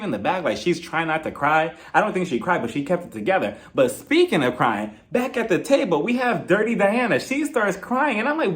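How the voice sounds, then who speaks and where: A young man giving a sassy, casual recap of a reality show, acting out the cast members' lines in quotes. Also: fairly high pitch. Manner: sassy, animated, acts out the cast's lines in quotes.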